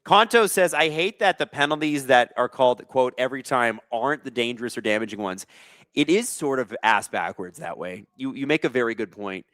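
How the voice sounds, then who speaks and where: A livestream host runs a casual live sports watch-along, reading chat aloud, cracking sarcastic jokes, and swearing plenty. His medium-pitched voice is lively, fairly quick, and fairly bright, recorded dry.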